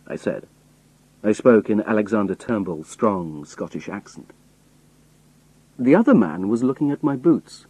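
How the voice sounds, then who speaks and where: A man reading a story aloud in first person, steady and storytelling, voicing the characters. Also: fairly low pitch, a little slow, long pauses, husky, no room sound, low-quality recording. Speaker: audiobook reader.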